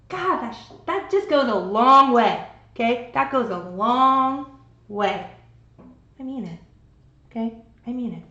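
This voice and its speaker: Woman in her 40s, fairly high voice, chatty painting teacher, roomy dull recording. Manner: chatty, encouraging, upbeat. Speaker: art instructor. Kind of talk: live painting tutorial.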